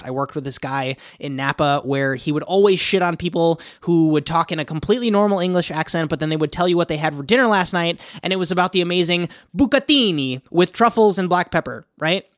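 Male podcast host, casual news chat, fairly high voice, dead dry sound. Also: a bit bright, dry recording. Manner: chatty, reads quotes aloud, goes off on tangents.

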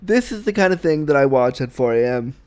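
A man's voice: mid-range voice, expressive, a little fast, darkish tone, clear, resonant tone. A man hosting a casual solo podcast, talking candidly and bawdily in a rambling way with restarts and giggles. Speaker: podcast host.

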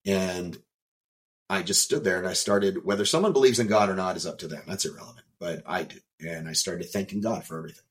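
A man, a podcast guest, telling a personal story in an emphatic, animated way, with some swearing. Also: sits low, brisk. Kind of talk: storytelling in an interview.

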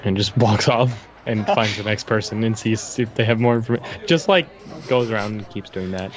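A man describes his character's actions in a relaxed, casual way during a tabletop game. His voice sits on the low side for a man. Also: a little fast, soft background music. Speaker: player.

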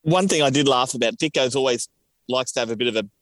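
A man's voice: medium pitch, fast talker, no room sound. A man co-hosting a casual podcast chat, rambling through restarts and laughing often. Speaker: podcast co-host.

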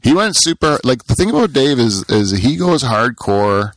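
A man's voice: medium pitch, sing-song, moderate pace, no room sound. A man hosting a comedy podcast, rambling and joking with lots of fillers. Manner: joking, rambling, with many fillers and mock-announcer intros. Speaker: podcast host. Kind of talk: casual comedy banter. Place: pool shed.

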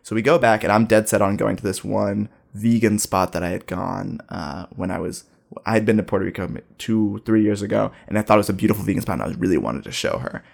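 A man's voice: fairly low pitch, fast talker, gravelly. A man in casual conversation, animatedly telling a travel story and acting out the lines of people in it. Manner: animated storyteller, acts out quoted dialogue. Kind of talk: casual chat.

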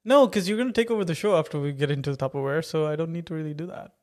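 A man's voice: fairly high pitch, very fast, a little mellow. A man hosting a podcast, talking in a teasing, rambling casual chat. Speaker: podcast host.

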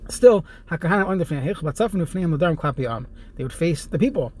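A man with a somewhat high voice teaches a Jewish law class. He reads a line from the text, then stops to explain it in plain speech, often pausing to restart a phrase. His delivery stays steady and explanatory throughout. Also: breathy edge. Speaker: Torah teacher. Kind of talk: halacha lesson, reading and translating text.

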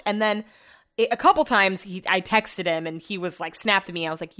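A woman's voice: mid-range voice, fairly quick, a bit bright. A young woman vlogging, telling everyday stories in a chatty, exasperated way and swearing casually. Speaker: vlogger and radio host. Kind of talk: casual storytelling vlog.

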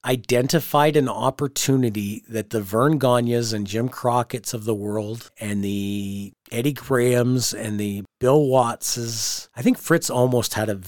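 A man's voice: medium pitch, a little slow, hardly any pauses, darkish tone, no echo, studio quality. A man co-hosting a podcast in casual chat, talking in a blunt, opinionated way. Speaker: podcast co-host.

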